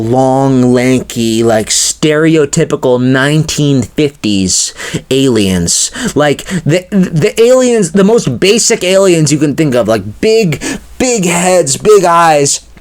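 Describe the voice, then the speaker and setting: A man telling an improvised comedy story, rambling and stammering, with constant filler words. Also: on the high side.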